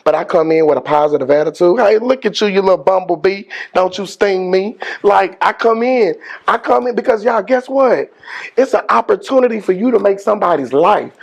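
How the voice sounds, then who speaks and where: Principal guy hyping up students, gravelly raised voice, keeps asking the crowd to answer back. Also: sits high. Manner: energetic, call-and-response with audience; casual slangy phrasing. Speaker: high school principal, guest speaker. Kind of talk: motivational speech to students.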